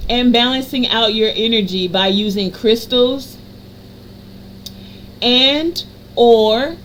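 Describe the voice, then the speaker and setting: A woman with a fairly high voice gives a card reading in a soothing, affirming tone. She piles up phrases in gentle repetitive lists and slows down on the words she wants to land. A faint hum of noise sits behind her. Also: rough recording. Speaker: energy reader and healer. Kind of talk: tarot card reading for a general audience.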